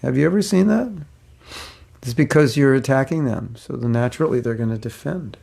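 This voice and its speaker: Man, spiritual teacher, informal class, gravelly voice, playful, restarts sentences. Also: medium pitch, fairly quick, dark tone. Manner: playful, joking, trails off and restarts. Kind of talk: informal class, answering questions.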